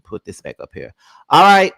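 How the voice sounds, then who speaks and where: A man hosting a casual livestream, sleepy and relaxed, talking straight to his viewers. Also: high-pitched, moderate pace, vocal fry, no room sound, studio quality. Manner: relaxed, chatty, addresses viewers directly. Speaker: livestream host. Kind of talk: casual reaction-stream chat. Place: at home by his bed.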